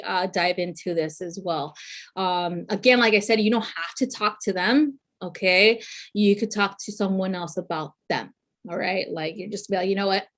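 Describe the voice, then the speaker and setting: Chatty, profane woman giving zodiac readings. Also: mid-range voice. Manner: chatty and profane, heavy filler words; laughs often while talking. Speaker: astrology reader. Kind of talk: casual weekly zodiac reading.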